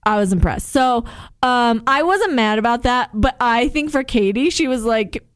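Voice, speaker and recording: A woman co-hosting a chat show, laughing often as she talks. Her voice sits a little high and rises and falls a great deal. The sound is dry and close to the mic. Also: normal speed, clean tone, dry recording. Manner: animated, laughs often, says "like" a lot. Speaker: podcast co-host. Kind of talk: casual chat recapping a TV show.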